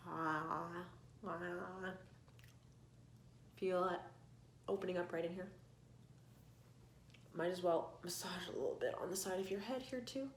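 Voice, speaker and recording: A woman singing coach guiding an online vocal warm-up lesson, giving calm, coaxing instructions. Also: lowish voice, normal speed, pauses often, roomy sound, slight background noise.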